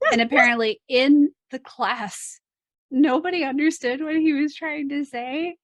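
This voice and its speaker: A woman's voice: sits high, big pitch swings, slow pace, bright, forceful tone. Playful woman explaining dance technique. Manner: laughs often, explains with playful asides. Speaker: dance instructor co-host. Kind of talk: casual technical chat.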